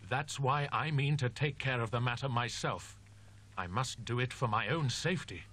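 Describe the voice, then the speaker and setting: In a horror audiobook drama, an actor voices a grim, determined young male student, speaking firmly and deliberately. His voice is mid-range and fairly bright, close to how he might sound day to day.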